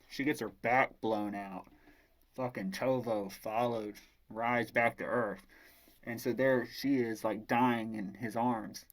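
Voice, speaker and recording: A man's voice: lowish voice, fairly even intonation, measured pace. Guy roasting a book, rambly and casual, swears a lot. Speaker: book reviewer. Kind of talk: casual book review, plot retelling.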